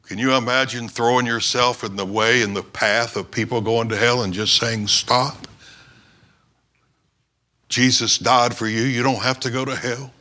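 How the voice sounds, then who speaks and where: Bright-voiced man preaching a story. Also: mid-range voice, fairly even intonation, moderate pace, hardly any pauses. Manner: storytelling sermon, shouting quoted cries. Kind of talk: sermon illustration.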